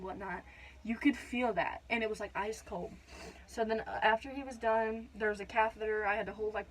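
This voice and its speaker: A woman's voice: mid-range voice, a little hiss or hum, low-quality recording. A young woman casually telling her birth story in a vlog, rambling with lots of fillers. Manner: rambling, many "like" and "whatnot" fillers.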